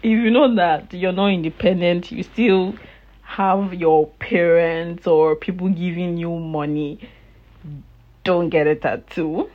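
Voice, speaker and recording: A woman's voice: fairly low pitch, fairly even intonation, takes it slowly, narrow, tinny audio. A woman hosting her own podcast, chatting casually and laughing often as she retells conversations with family. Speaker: podcast host. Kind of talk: casual storytelling monologue.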